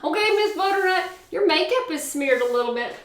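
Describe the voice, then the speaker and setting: A woman's voice: very high-pitched, expressive, a little fast, a bit bright, echoey room. A woman hosting a casual cooking vlog, gushing and sing-song as she talks to viewers from her home kitchen. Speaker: cooking show host.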